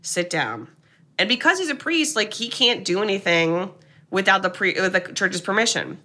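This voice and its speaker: A young woman chats through a film's plot in an animated, casual way. Her voice is bright and clear. She slips into the characters' lines as she goes. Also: mid-range voice, moderate pace. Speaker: podcast co-host. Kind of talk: casual chat recapping a film.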